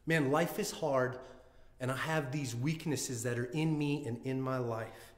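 A man's voice: mid-range voice, steady tone, measured pace. Earnest man preaching in an echoey hall. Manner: earnest, conversational, with frequent restarts and acted-out quotes. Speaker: pastor. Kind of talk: sermon. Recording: echoey room.

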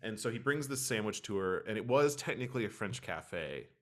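A man hosting a podcast, telling a funny story in a casual, animated way. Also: lowish voice, fairly quick. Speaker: podcast host.

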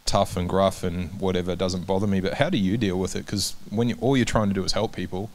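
A man's voice: low-pitched, fairly even intonation, quick pace. An Australian man hosting a church interview, asking long rambling questions with restarts and chiming in with affirmations.

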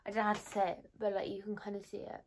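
Though her vlog is a rambling, bubbly chat to a ring-light-mounted phone in her bedroom, this young woman speaks in a mid-range, darkish voice with a completely flat, rapid-fire delivery. There's slight background noise.

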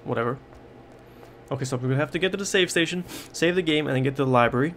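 Talking rapid-fire in a slightly bright, medium-pitched voice, this gaming YouTuber gives edgy, expletive-heavy horror-game commentary and repeats himself in panic when scared. There's a slight hiss or hum.

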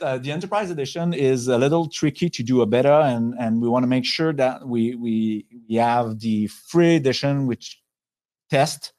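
French-accented man presenting, halting delivery. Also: mid-range voice, dark tone. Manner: halting, frequent pauses and restarts. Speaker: software company executive. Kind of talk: webinar presentation.

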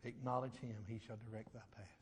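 A middle-aged man preaching a testimony sermon, fervent and swinging from shouts to a low hush. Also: flat delivery, fast talker, slightly rough.

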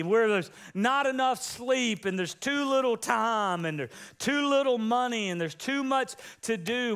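A middle-aged man with a drawl delivers a playful sermon from a church stage. His voice sits high and comes through clean and smooth. He banters with the congregation and keeps calling for amens. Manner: animated, joking, call-and-response with congregation. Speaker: pastor. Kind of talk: humorous sermon. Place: church sanctuary.

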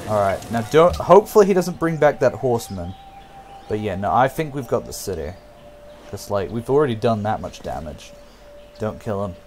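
A young man casually commenting on a strategy game as he plays, thinking aloud, humming and breaking into excited outbursts for viewers. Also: fairly low pitch. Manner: talks to himself and viewers, hums, excitable outbursts. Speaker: gameplay commentator. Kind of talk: casual let's-play commentary.

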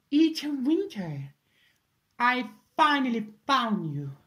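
An imperious, vengeful vampire lady of noble blood, voiced by a woman in a fan impression, speaking in a slightly raised, bright and sharp voice. She drags her words out with great slowness and theatrical weight. Her pitch rises and falls widely between hissed whispers and shouted threats. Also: full character voice. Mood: furious, threatening.

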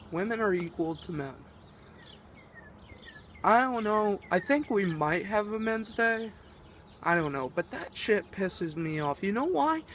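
Give me a man venting in a casual vlog, profane and rambling, with a lively, swooping pitch. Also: slight background noise. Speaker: vlogger.

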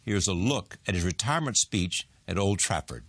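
Deep-voiced male TV interviewer. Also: animated, moderate pace, fairly bright tone, husky, no room sound. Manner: probing, conversational questions. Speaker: television interviewer, host. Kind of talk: scripted introduction and interview.

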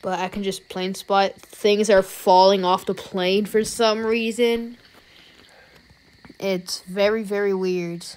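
A woman with an Irish accent giving let's-play commentary as a YouTuber, talking to herself and reacting with jumpy, excited outbursts. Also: medium pitch, slow, rough recording. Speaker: YouTuber playing a game.

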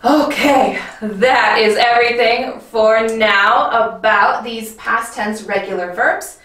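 Slow, high-voiced woman teaching grammar. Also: a bit bright, reverberant, far from the mic, poor audio. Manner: clear, patient, checks in with the viewer. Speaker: English teacher. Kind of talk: grammar lesson.

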